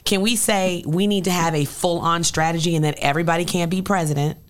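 A woman with a notably low voice talks politics as a guest, emphatic and rallying. She is from Illinois and presses her points hard, repeating lines for effect. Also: steady tone, a little fast. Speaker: state senator guest. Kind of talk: political chat.

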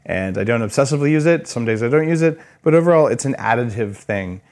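A man's voice: medium pitch, fast. A man hosting a podcast, talking casually with lots of "like" and "uh," keen on health gadgets. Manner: relaxed, filler-heavy, enthusiastic about gadgets. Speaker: podcast host. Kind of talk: casual interview and studio walkthrough.

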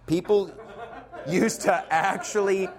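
A middle-aged man performing a stand-up comedy set, animated and mocking, slipping into quick impressions. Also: sits high, crowd noise.

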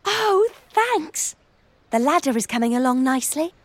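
A woman's voice: high-pitched, big pitch swings, normal speed, dry recording. A woman playing sweet young Rapunzel. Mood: earnest. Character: gentle young princess with long hair.

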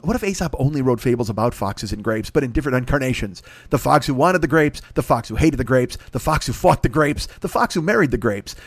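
Fast-talking crude comedian man. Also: on the high side, no echo. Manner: rambling, crude, riffing tangents. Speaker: podcast host. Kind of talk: profane comedic monologue.

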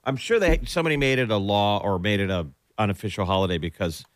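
A man's voice: fairly low pitch, quick pace, dry recording. A man co-hosting a morning radio show, telling rambling stories and acting out little bits. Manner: rambling storyteller, acts out bits. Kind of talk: casual on-air banter. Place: radio studio.

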